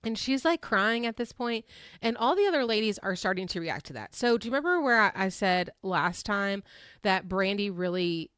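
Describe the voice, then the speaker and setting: A woman's voice: medium pitch, moderate pace, clear, resonant tone, no room sound. Laughing woman recapping gossip, dry sound. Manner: animated, laughs often, acts out quotes. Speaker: podcast host recapping a reality show. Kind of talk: casual recap storytelling.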